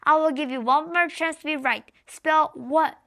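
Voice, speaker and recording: Woman doing a scornful giant headmistress, loud and barking, high, storybook reading. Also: normal speed. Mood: shouting. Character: huge bullying female headmistress, furious.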